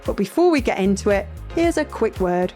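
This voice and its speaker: A woman hosting a podcast interview, bubbly and quick to laugh. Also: medium pitch, sing-song, mellow, soft background music. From North East England family. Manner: bubbly, laughs often, reads ad smoothly. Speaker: podcast host. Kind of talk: casual interview.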